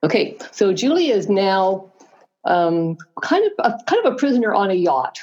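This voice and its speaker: A woman's voice: mid-range voice, very animated, normal speed, a little mellow. A woman author reading her own novel aloud, adding casual, chatty asides between passages. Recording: dull lo-fi recording.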